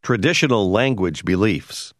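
Male course narrator, deep and expressive, measured explanatory read, dry booth. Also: dry recording. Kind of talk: scripted educational narration.

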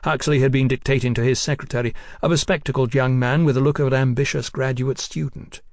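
With no echo and studio-quality audio, a male audiobook narrator with a mid-range voice delivers scripted narration of a novel. His storytelling is measured and even.

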